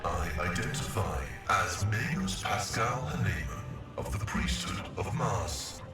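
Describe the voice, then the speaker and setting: Solemn vox-voiced tech priest. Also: male voice, lowish voice, unhurried. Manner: formal, stilted machine-like phrasing. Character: hunched cyborg male tech priest, solemn and devout. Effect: vox-synthesized voice. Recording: very echoey distant voice over game music.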